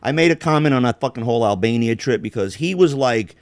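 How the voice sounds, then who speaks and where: A man's voice: mid-range voice, expressive, fast, no room sound, clean studio sound. A man hosting a casual podcast, rambling bluntly with heavy swearing. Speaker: podcast host.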